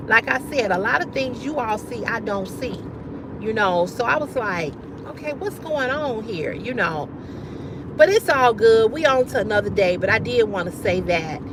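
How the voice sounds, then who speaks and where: A woman's voice: fairly high pitch, animated, normal speed, background noise. A woman hosting a casual livestream, talking bluntly and with profanity straight to her viewers in a style. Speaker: livestream host.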